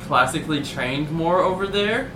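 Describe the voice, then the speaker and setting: A man's voice: on the high side, moderate pace, noisy background. A man chatting casually about movies, often hesitant and asking questions. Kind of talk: casual chat about actors. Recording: roomy, distant from the mic, with crowd.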